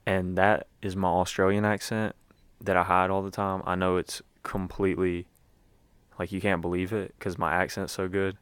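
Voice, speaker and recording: Low-voiced man rambling about basketball. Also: little pitch movement, normal speed, clear, resonant tone, no room sound. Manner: rambling, loose, lots of fillers. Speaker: podcast host. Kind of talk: casual sports podcast talk.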